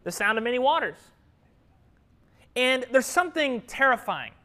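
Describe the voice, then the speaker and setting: A man with a very high voice preaches at normal speed, keeping his sermon conversational and posing questions to the congregation. He shifts between bright, raised lines and soft, reflective ones, laughing easily in a lively, friendly way.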